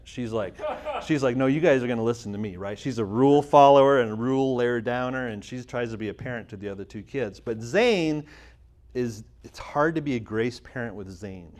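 Tired, joking man from Canada. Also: medium pitch. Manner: humorous, self-deprecating storyteller. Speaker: church speaker and magazine editor. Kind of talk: casual sermon talk with prayer.

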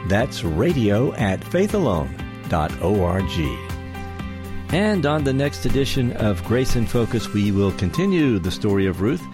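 A man's voice: fairly low pitch, big pitch swings, unhurried. A male radio announcer reading an upbeat, inviting station promo. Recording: announcement over music.

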